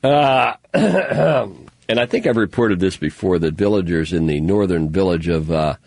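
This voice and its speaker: A man's voice: sits low, animated, a little slow, a little mellow, no echo. A man hosting a talk show, rambling through news stories with sarcastic, mocking asides. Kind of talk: casual news commentary monologue.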